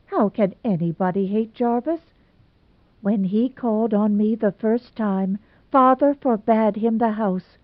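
A woman reading an audiobook puts on a timid young woman, pleading and anxious, her voice lifted high and kept soft. The sound is tinny and narrow like a phone line, and completely dry. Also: no echo. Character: timid young woman torn between father and suitor.

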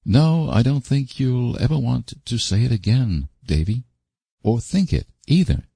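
A soft, patient young woman coaxing a child, as a man reads her aloud. The voice is raised somewhat above the reader's own and stays dry and close, with a faint gravel underneath. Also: medium pitch, animated, unhurried, dry recording, voice pushed up, heavily acted. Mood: gentle. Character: gentle, kind young woman.

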